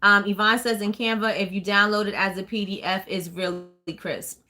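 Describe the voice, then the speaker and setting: Bright fast-talking New Jersey woman. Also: mid-range voice, fairly even intonation. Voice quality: fast-talking, rambling with many ums. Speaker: small business owner hosting a live chat. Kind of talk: casual live chat answering viewers.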